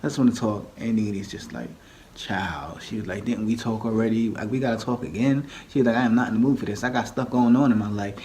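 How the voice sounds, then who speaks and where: A man with a fairly low voice recaps a reality show in a loose, chatty way. He laughs often and acts out the quoted lines. There is faint noise in the background. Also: fairly even intonation, fast talker, hardly any pauses, warm tone. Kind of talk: casual recap monologue.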